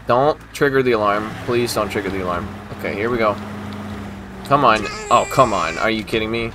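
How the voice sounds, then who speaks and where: A man's voice: fairly low pitch, a little fast, background noise. A man casually commentating his own gameplay, talking to the game and breaking into exasperated outbursts. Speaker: gaming video host.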